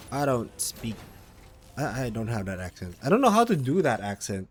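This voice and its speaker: A man's voice: medium pitch, sing-song, normal speed, a little hiss or hum. A man streaming a video game live, thinking aloud and joking as he plays, sometimes copying the characters' lines. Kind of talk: live gameplay commentary. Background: game music.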